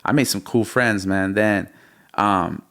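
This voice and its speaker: Slangy, animated man telling a story. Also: lowish voice, takes it slowly, creaky. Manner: animated, slangy storyteller, calls the host bro and dog. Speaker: music producer, podcast guest. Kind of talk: casual storytelling interview.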